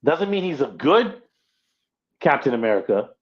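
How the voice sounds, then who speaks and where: A man's voice: medium pitch, sing-song, moderate pace. A man co-hosting a casual pop-culture podcast, insistent and argumentative, repeating his points firmly. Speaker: podcast co-host. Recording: slightly dull lo-fi sound.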